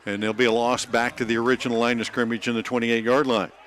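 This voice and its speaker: A man giving play-by-play for a high school football game, calling each snap quickly and joking like an auctioneer. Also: level tone, a bit bright, a faint crowd. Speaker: play-by-play announcer.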